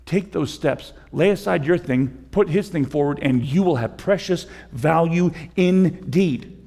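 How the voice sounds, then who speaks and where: Casting: middle-aged male pastor, slightly higher voice, sermon in a big reverberant church, conversational, builds to fervent appeals. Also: measured pace, creaky, mellow. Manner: conversational, repeats words, builds to impassioned pleas. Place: church sanctuary. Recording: long hall reverb.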